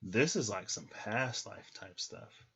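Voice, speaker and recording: A man's voice: lowish voice, expressive, takes it slowly, creaky, bright, forceful tone, slightly rough. A man giving a casual livestream tarot reading, thinking aloud with many ums. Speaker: tarot reader. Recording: slightly muffled lo-fi audio.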